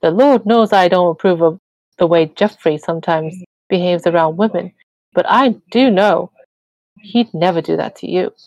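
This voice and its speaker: A woman reading aloud voices a churchgoing mother who talks in a slow, sing-song way. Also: lowish voice, a little mellow, no echo, highs cut off, natural voice. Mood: knowing, firm.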